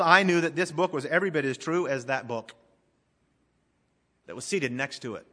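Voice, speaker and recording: A man preaching a sermon as pastor, emphatic, swelling loud then dropping to a hush. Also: fairly high pitch, long reverb tail.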